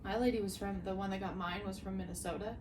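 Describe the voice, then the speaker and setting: A woman's voice: mid-range voice, fairly even intonation, fast talker. Woman co-host, enthusiastic, casual chat, faint room noise. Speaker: podcast co-host. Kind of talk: casual chat among friends. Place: hotel room.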